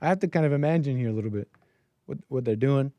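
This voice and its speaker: A man hosts a call-in show alone, rambling through his commentary in stop-start bursts and trailing off into muttered asides. His voice sits at an ordinary middle pitch. The recording is dry and close, with no room sound. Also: fast talker, no echo, muffled recording. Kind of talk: solo commentary monologue.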